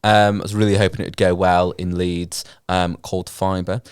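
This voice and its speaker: A man's voice: deep voice, level tone, normal speed, clear, resonant tone, dry recording, clean studio sound. A young man with a cold and a stuffy nose, chatting casually as a podcast co-host, rambling with many ums and frequent laughs. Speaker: podcast co-host and gigging musician. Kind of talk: casual chat.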